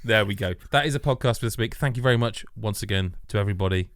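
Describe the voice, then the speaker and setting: A man hosting a casual podcast, rambling with halting restarts and easy laughter. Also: on the low side, slight background noise. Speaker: podcast host.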